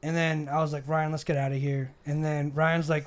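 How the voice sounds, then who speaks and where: A man's voice: on the high side, fairly quick. A man in his twenties from Arizona, telling a story in a casual podcast chat and acting out the quotes as he gets heated. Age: 20s. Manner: animated, acts out the argument in quoted voices, gets heated. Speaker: podcast co-host. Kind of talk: casual storytelling over beers.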